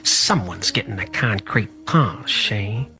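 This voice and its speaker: A woman's voice: a bass voice, expressive, takes it slowly, pushed and bright, exaggerated voice. A woman voicing a tough male gangster cat boss who talks like an old-movie mobster, in a played clip with music behind. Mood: menacing. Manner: gruff old-movie mobster talk, ends lines with "see?".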